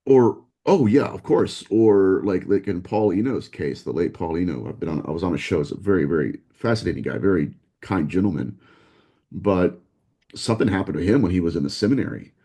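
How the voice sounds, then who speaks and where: Deep-voiced man telling a story animatedly. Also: slightly rough. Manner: animated, fast storyteller who acts out quotes. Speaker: guest researcher. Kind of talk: casual storytelling in a podcast conversation.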